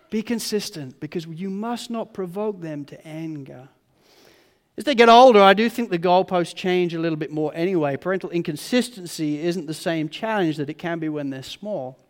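A man, preaching a sermon in a church and acting out family scenes in lively voices. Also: sits high, moderate pace, long reverb tail. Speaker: pastor. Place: church hall.

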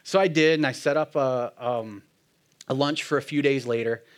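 A man telling a personal faith story in a casual, earnest way, often laughing and dropping his voice when quoting others. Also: moderate pace. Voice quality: self-described hard-headed, plain-spoken. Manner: casual and earnest, laughs often, quotes himself and his friend in a lowered murmur. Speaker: speaker sharing a personal testimony. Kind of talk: storytelling testimony.

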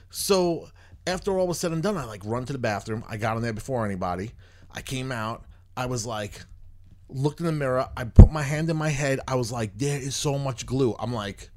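A man hosting a podcast, telling a long story in casual chat, rambling and exasperated, swearing freely. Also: medium pitch. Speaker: podcast host.

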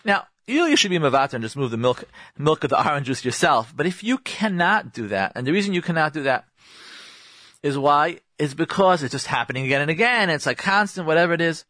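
A man hosts a radio advice program, speaking straight to his listeners as ladies and gentlemen. His voice sits on the high side and is recorded dry and close, with no room sound. He drives each point home by repeating it and sprinkles in Hebrew religious terms. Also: lively intonation, a little fast, no room sound. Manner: emphatic, repetitive, addresses listeners directly. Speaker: radio host giving marriage advice.

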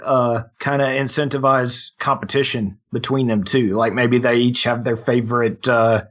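An easygoing man backs up his partner's ideas and adds his own suggestions at a relaxed pace. His pitch is in the middle range for a man. The sound is somewhat dull and muffled, like a lo-fi recording. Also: normal speed. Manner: easygoing, supportive, chimes in with short agreements. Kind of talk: casual brainstorming chat.

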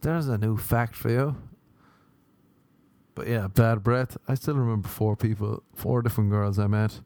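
With a gravelly, dark voice at a moderate pace, the Irish man hosting his podcast alone in Los Angeles rambles through a comic, profane monologue. He mocks himself and his pitch jumps suddenly, all captured in a dry recording.

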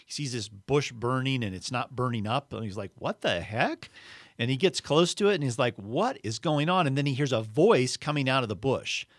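A man, an author, talking earnestly on a faith podcast and retelling stories with lively voiced quotes. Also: medium pitch, brisk, few pauses, no room sound, clean studio sound. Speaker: author and guest.

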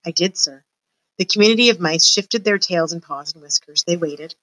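A woman teacher talking to her students and reading a children's novel aloud in a lively, encouraging way. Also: lowish voice, brisk, dry recording, low-quality recording.

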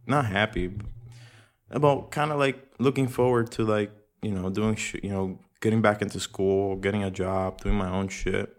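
A laid-back young man with a low voice hosts a casual solo podcast, rambling with profanity and relaxed slang. He records in a room at home, and the room echo is audible.

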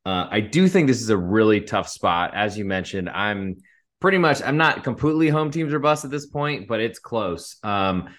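Laid back guy cohosting, lowish voice, lots of um and uh. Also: very animated, normal speed, a bit bright. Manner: easygoing, hedging with fillers. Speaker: podcast co-host. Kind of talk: casual sports betting chat.

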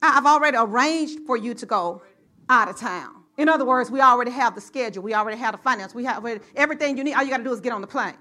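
Lady pastor preaching, high bright voice, gets fired up and shouts at the church. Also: very fast. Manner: excitable, rising to shouts, talks to the congregation. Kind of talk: sermon.

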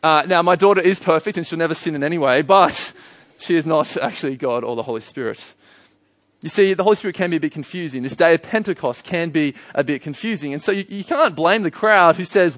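An Australian man in his thirties preaches a sermon in a warm, chatty way, pitched a little high. He moves between earnest points and gentle jokes. His voice sounds close and dry. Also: fast, no echo. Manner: conversational, earnest, lightly humorous. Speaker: pastor.

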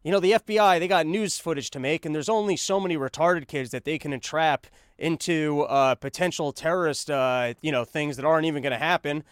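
A man's voice: a little high, fairly quick, few pauses, smooth, no room sound, studio quality. A man hosting a comedic news monologue, rambling and sarcastic, talking while he paces on a treadmill. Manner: rambling, sarcastic, full of fillers and restarts; talks while pacing on a treadmill. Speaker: podcast host.

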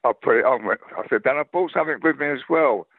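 A man's voice: mid-range voice, quick pace, breathy edge, no echo, narrow, tinny audio. An older man with a Cockney London accent, a guest actor telling rambling anecdotes in casual chat. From London, England. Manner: rambling storyteller, lively, restarts often.

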